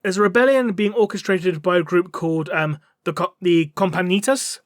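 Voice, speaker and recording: Male podcast co-host, high voice, rambling recap, dry close sound. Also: normal speed, no echo. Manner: rambling, swears, acts out characters' lines. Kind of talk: casual story recap.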